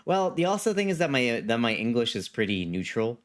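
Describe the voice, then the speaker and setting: Reading chat messages during a live game stream, a man rambles casually and keeps repeating himself. His voice is medium in pitch with big swings, and he talks fairly quickly.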